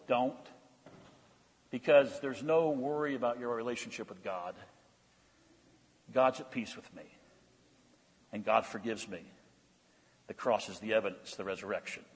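A man preaching a sermon in a church, swinging between loud proclamations and hushed, intense passages. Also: medium pitch, normal speed, long pauses, husky. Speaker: pastor. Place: church sanctuary. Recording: long church hall reverb.

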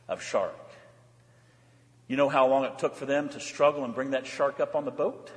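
A man, a pastor, preaching a sermon with animated storytelling that swings between loud exclamations and hushed asides. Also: on the high side. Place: church sanctuary. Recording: long reverb of a church hall.

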